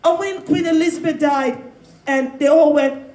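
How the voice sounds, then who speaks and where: A woman speaking in a panel discussion, loud and emphatic, often breaking into laughter. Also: high-pitched, moderate pace. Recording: roomy, echoey sound.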